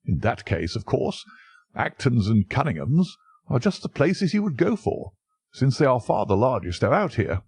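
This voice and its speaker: A man's voice: mid-range voice, very animated, moderate pace, vocal fry, a little mellow, husky, dry recording, clean studio sound, voice pushed up, heavily acted. A man voicing a hearty, easygoing older country colonel.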